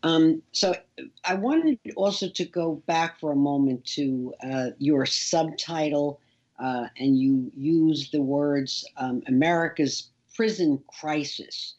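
A woman hosting an interview who talks slowly and hesitantly, with many fillers. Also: sits low, darkish tone, highs cut off. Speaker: interview host.

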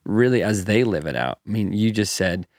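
A man with a lowish voice co-hosts a casual podcast chat, reading listener questions aloud. He affirms what is said with steady agreement. His voice sounds close and dry. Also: normal speed, no echo. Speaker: podcast co-host.

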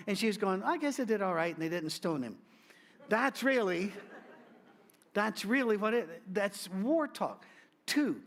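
A middle-aged man preaches, sitting high in his voice. He talks to his flock like a conversation, shooting up for emphasis and dropping to a hush. The delivery is loose and unscripted. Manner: conversational preaching with wide swings in pitch and loudness. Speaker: pastor. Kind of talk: sermon.

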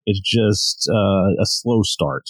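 A man's voice: fairly low pitch, lively intonation, takes it slowly, no echo. A man co-hosting a casual podcast, laid-back with wry quips. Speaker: podcast co-host.

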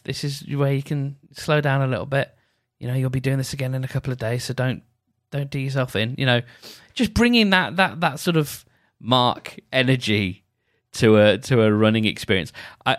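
A man's voice: medium pitch, sing-song, moderate pace, fairly bright tone, no echo. Rambling man, dry close sound. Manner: meandering, self-deprecating, many restarts. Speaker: podcast host. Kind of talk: rambling solo podcast chat.

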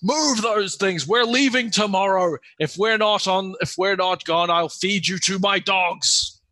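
A man voicing a loud, bossy male orc leader who yells harsh, threatening orders at his crew. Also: high-pitched, measured pace, dry recording, pitched above the performer's own voice. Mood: yelling orders.

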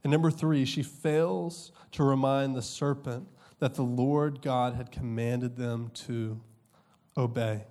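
A young man preaching a sermon as pastor, conversational and humorous, with quick asides and slow emphatic drops. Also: mid-range voice, steady tone, darkish tone.

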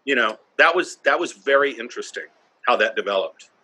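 A man's voice: medium pitch, lively intonation, brisk, sharp tone, breathy edge. A man who does stand-up comedy, telling blunt stories from the stage and swearing freely in a casual interview. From North Carolina, US.

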